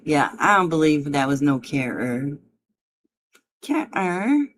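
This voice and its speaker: Woman streamer, mocking and foul-mouthed, unhurried delivery. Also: low-pitched, sing-song. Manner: taunting, profane, mocking. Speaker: livestream host. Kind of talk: heated livestream argument.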